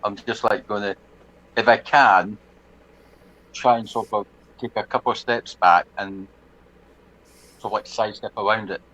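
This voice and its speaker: A man's voice: on the low side, steady tone, normal speed, pauses often, fairly bright tone, poor audio. A man playing a tabletop game online, chatty and joking, asking many questions. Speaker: player. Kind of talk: casual tabletop game play.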